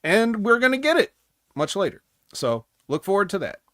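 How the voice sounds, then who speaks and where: A man's voice: high-pitched, sing-song, normal speed, a bit bright, dry recording, studio quality. A man co-hosting a casual wrestling recap podcast, rambling with sarcastic asides. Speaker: podcast co-host.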